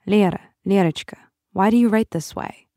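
A woman's voice: medium pitch, moderate pace, mellow, no echo, clean studio sound, natural voice. A woman voicing a worried, scolding immigrant mother with a Russian accent, firm and pleading. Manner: pleading then shaming, firm.

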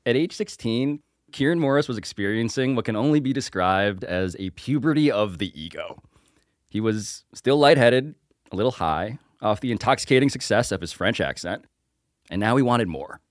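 A man's voice: on the low side, expressive, normal speed, no room sound, clean studio sound. A man reporter reading a scripted story in a wry, playful way. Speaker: reporter narrating. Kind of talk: scripted narration.

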